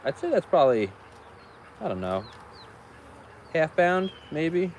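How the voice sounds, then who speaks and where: A man's voice: a little high, big pitch swings, slow. A man vlogging outdoors as he inspects his beehives, chatting casually and talking to the bees. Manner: chatty, talks to the bees, exclaims often. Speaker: beekeeper vlogger. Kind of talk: casual running commentary. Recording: outdoor noise in background.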